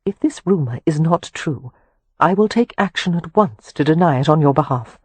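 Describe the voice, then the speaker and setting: A woman reading the part of a composed society matron, gentle and tactful. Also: deep voice, animated, moderate pace, slightly rough, no echo.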